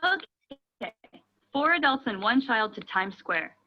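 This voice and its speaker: A polite ticket clerk. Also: female voice, a little high, big pitch swings, takes it slowly. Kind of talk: scripted lesson dialogue. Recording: dull lo-fi audio.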